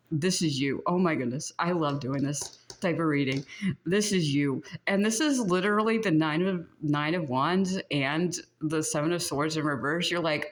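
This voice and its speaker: A woman with a low voice talks through a tarot reading. Her delivery is casual and animated, with frequent laughs and asides to the viewer. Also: normal speed. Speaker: tarot reader.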